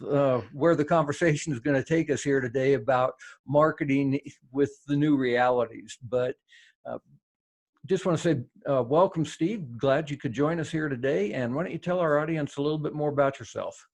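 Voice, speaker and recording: A man hosting a podcast interview, speaking in a friendly, halting way with repeated words. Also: fairly high pitch, a little mellow. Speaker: podcast host. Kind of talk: casual interview.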